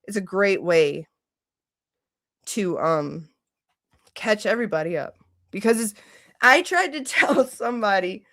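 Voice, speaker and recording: A woman from Michigan talks casually to her livestream chat. She rants with animation, her talk full of "like" and the odd curse. Her pitch sits in an ordinary middle range. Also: unhurried, long pauses. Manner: animated, ranting, heavy use of "like", swearing. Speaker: livestream host.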